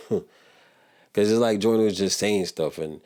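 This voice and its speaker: A man's voice: fairly low pitch, slow pace, darkish tone, clean tone. A young American man hosting a reaction video, talking in a laid-back, rambling way full of slang and laughter. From United States. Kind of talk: casual commentary.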